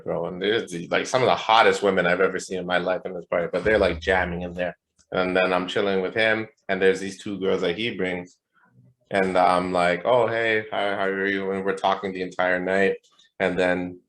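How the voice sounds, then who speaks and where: A man's voice: low-pitched, fairly bright tone. A young man co-hosting a podcast, telling a party story in a laid-back, slangy way, full of fillers and swearing. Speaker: podcast co-host. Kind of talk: casual storytelling chat.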